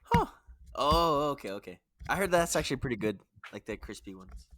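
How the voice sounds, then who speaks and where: A man's voice: medium pitch, sing-song, a little fast, bright, forceful tone. Laughing young man with crude jokes. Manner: laughs a lot, crude joking interjections. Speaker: podcast co-host. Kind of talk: casual chat.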